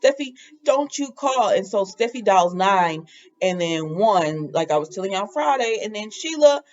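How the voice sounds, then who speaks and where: Brief: woman recap host, lively swooping delivery, chatty, muffled lo-fi audio. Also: medium pitch, moderate pace. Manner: animated and chatty, with laughing asides. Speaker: soap opera recap host. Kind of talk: casual recap chat.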